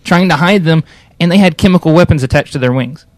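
A man chatting casually, with a voice pitched a little above average. He talks in an opinionated, rambling way and often restarts his sentences. The sound is dry, with no room echo. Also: fast. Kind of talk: casual chat.

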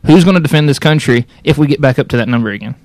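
A man's voice: medium pitch, lively intonation, racing, no room sound. A man in casual conversation, talking in an opinionated, rambling way with many restarts. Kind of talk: casual chat.

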